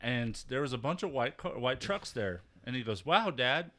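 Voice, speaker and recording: A man's voice: mid-range voice, animated, moderate pace, fairly bright tone. A middle-aged man and father, telling jokey family stories and teasing his son in casual chat. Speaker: father and podcast host.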